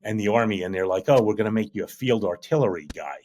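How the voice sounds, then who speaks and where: A man being interviewed as a guest, looking back on his past in a measured, matter-of-fact tone. His voice sits a little low. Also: darkish tone. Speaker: guest, attorney and army veteran. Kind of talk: conversational interview.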